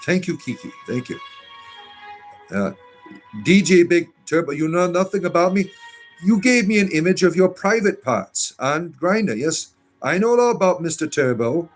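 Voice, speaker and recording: Expressive and high-voiced, a Southern US livestream host reads chat at a moderate pace over faint background music. His delivery rambles and restarts with frequent uh's, and he answers with sarcastic defiance.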